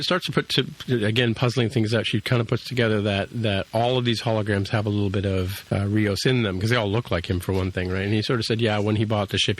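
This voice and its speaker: A man with a fairly low voice talks through a TV episode on a podcast. He rambles in a relaxed, chatty way, restarting sentences and retelling what the characters say. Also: low-quality recording. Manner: rambling, many restarts and fillers, paraphrases dialogue. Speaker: podcast host reviewing episodes. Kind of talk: casual recap chat.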